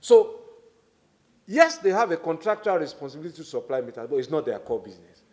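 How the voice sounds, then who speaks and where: A middle-aged man with a Nigerian accent speaks as a government minister at a formal public hearing. His voice sits a little high, and he explains his points in a measured, deliberate way, stressing key words. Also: very animated.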